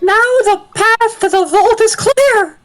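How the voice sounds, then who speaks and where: A streamer voicing a brash, reckless demon student in a much higher voice, shouting gleefully while reading game dialogue aloud with friends. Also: slow, soft background music. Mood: manic. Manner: shouty, gleeful, over the top.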